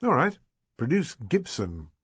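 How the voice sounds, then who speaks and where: A man voicing a brisk, bantering male chief inspector in an audiobook. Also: a little high, wildly swooping pitch, slightly rough, no echo, pitched above the performer's own voice, exaggerated voice.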